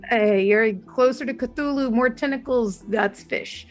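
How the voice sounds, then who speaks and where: A woman chats through her turn in a tabletop role-playing game, rambling and playful. Her voice sits on the higher side. Faint music plays behind her. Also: a little slow. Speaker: player. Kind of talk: casual chat during a tabletop game.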